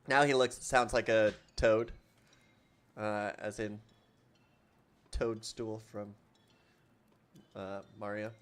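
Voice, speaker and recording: A woman streaming a game and chatting casually about it, in an unhurried way. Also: a bass voice, steady tone, faint music behind.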